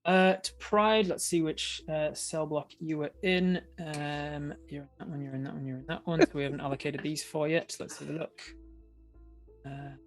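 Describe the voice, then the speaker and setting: A man's voice: fairly high pitch, steady tone, moderate pace, faint music behind. A man with an Australian accent running a tabletop game as dungeon master, narrating with frequent laughs. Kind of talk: game narration for a live stream.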